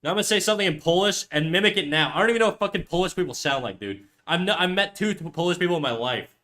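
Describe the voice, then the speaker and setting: A man's voice: sits high, expressive, very fast, bright, forceful tone. A man chatting casually on a live stream, rambling, self-deprecating and swearing freely. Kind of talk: casual livestream chat.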